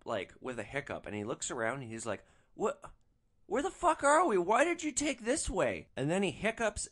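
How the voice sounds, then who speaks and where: Brief: male podcast host, mid pitch, voice swings up and down a lot, salty and animated. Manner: animated, profane, lively storyteller. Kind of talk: storytelling podcast.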